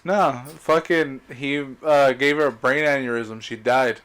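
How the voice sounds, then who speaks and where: A man's voice: medium pitch, a bit bright, clean tone. A man co-hosting a comedy podcast, swearing casually and chuckling along with his friends. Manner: profane, chuckling, quick backchannels. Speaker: podcast co-host.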